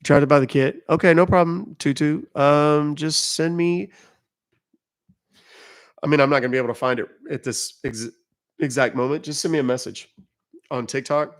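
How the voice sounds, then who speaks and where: Gravelly-voiced man hosting a live stream. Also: on the high side, steady tone, moderate pace, long pauses. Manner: chatty, reads out chat comments, explains rules. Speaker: livestream host. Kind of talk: casual live-stream chat with viewers.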